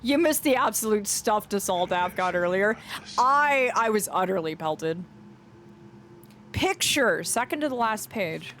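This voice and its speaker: A woman streaming a game, chatting playfully with her viewers and reading in-game journals aloud in a soft storytelling voice. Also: mid-range voice, animated, measured pace, slight background noise. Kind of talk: gameplay commentary with a read-aloud journal.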